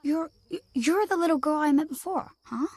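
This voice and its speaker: A man's voice: very high-pitched, normal speed, no room sound, studio quality. A man voicing a timid, earnest young boy in a video game, speaking hesitantly. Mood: puzzled. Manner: hesitant, questioning. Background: game music.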